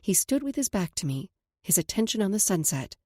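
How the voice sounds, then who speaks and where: A woman narrating a romance audiobook in the first person, reading in a soft, intimate way. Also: mid-range voice, sing-song, fairly quick, dry recording, clean studio sound.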